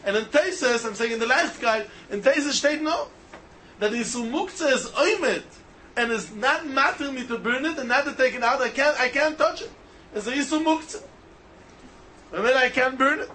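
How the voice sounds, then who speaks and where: A man's voice: very high voice, normal speed, a little hiss or hum. A man teaching a style Talmud lecture, arguing animatedly in a sing-song way. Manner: animated, mixes Hebrew, Aramaic and Yiddish terms into English, sing-song reasoning.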